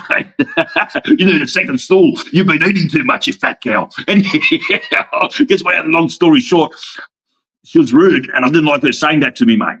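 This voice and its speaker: A man's voice: on the high side, fairly bright tone, breathy edge, dull audio. A slightly drunk Australian man, a wrestling promoter, telling rambling, profane, boastful stories in a casual podcast chat. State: a little drunk.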